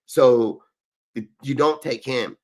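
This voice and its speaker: A man's voice: medium pitch, drawn-out words, a little mellow. A man hosting a live sports show, ranting heatedly and profanely about his team's draft choices. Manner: profane, fired-up, argumentative. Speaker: podcast host. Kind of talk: heated sports talk rant.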